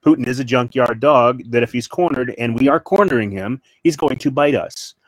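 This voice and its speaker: A man talking politics as a podcast guest, his voice at an ordinary middle pitch. He stumbles and restarts often, then presses his points with blunt repetition. The sound is dry and close. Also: no room sound, rough recording. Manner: halting, many restarts and fillers; emphatic, repeats points. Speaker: interview guest. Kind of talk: casual political talk.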